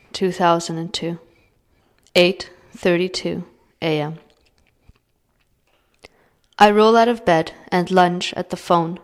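Author reading her own story, female, low voice, slow delivery. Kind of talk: reading a short story aloud.

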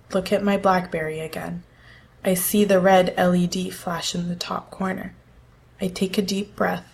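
Woman narrating a first-person story, low-pitched. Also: a little mellow.

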